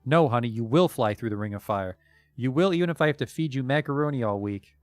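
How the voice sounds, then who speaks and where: A man's voice: medium pitch, expressive, fast talker, darkish tone, no room sound, faint music behind, lightly acted. A man voicing a strict woman who scolds her trained wasp, reading from a game stream. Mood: scolding. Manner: bossy and scolding.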